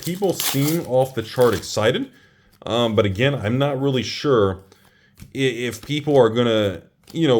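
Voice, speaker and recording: A man hosting a casual trading card box-opening video, chatty and prone to loud exclamations. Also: medium pitch, a little hiss or hum.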